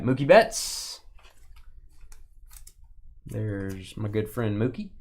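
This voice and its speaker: A man's voice: medium pitch, fairly bright tone. A man hosting a live stream where he opens sports cards, chatty and joking, calling out viewers by name. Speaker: live card break host. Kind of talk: live stream chat while opening cards.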